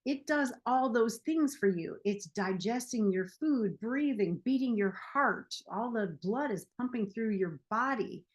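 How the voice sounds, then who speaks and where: A woman's voice: a little high, expressive, unhurried, hardly any pauses. Playful, chatty woman host. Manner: playful and chatty, laughs at herself. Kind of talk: casual talk to camera.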